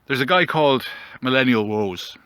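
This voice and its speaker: A man delivering a mock-dramatic comedic monologue outdoors, mock-solemn and rambling, with theatrical pauses. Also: mid-range voice, animated, fairly bright tone, clear, resonant tone, dry recording. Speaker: commentary vlogger.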